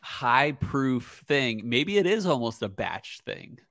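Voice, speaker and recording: A man co-hosting a casual whiskey tasting, talking in a relaxed, hedging way with lots of fillers. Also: mid-range voice, takes it slowly, dry recording, clean studio sound. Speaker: co-host, whiskey reviewer. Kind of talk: casual chat.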